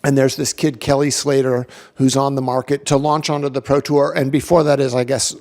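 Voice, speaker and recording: A man's voice: medium pitch, little pitch movement, brisk, darkish tone. A man hosting an interview, reflective and searching for his words as he sets up the next question. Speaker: podcast host.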